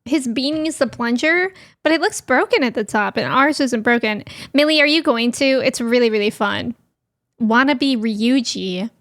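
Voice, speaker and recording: A woman's voice: a little high, normal speed, a bit bright. A young woman streaming a game, giggling and reacting aloud in casual chat. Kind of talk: casual live-stream commentary.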